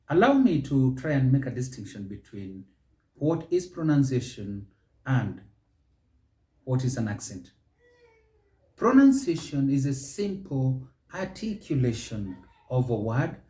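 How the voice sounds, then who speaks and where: Kenyan guy teaching english pronunciation, real slow and careful, mellow voice, echoey room. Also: medium pitch. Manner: slow, deliberate, stretches key words. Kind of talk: measured spoken lesson.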